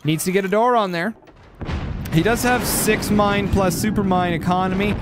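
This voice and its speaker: A high-pitched game caster calls a strategy game play by play at a moderate pace, growing excitable and breaking into loud cries at big moments. Post-nasal drip leaves him sounding a little stuffy, and the background is noisy.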